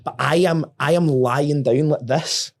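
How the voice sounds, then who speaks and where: A man's voice: a little high, unhurried. Guy on a podcast, swears a lot, keeps restarting words, chatty storytelling. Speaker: podcast guest. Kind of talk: casual storytelling.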